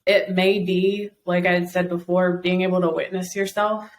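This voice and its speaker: A woman's voice: on the low side, little pitch movement, moderate pace, a little hiss or hum, rough recording. A woman guest on a podcast, encouraging and explaining at length with frequent fillers. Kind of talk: casual podcast conversation.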